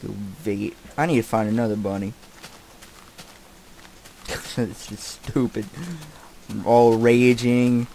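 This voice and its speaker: A young man giving casual, distracted commentary while he plays a game. He swears often and keeps yelling at the animals and characters on screen. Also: mid-range voice, fairly even intonation, slow, gravelly, pauses often, a little hiss or hum. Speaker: gameplay commentator.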